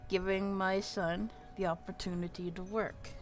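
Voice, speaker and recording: A woman's voice: mid-range voice, level tone, moderate pace, faint music behind, natural voice. A woman playing a humble, weary man who speaks in a polite, hesitant way in a tabletop game. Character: humble, weary male father figure. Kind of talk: tabletop role-play.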